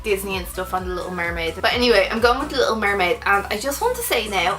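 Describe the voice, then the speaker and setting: A woman's voice: fairly high pitch, fairly bright tone. A young adult Irish woman chatting casually to camera about books, enthusiastic and full of fillers. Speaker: book vlogger.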